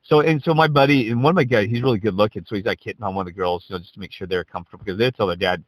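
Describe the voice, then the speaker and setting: A man's voice: lowish voice, racing, no room sound, rough recording. A man telling a rambling, profane anecdote in a casual way, often checking in with "right?". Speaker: storyteller.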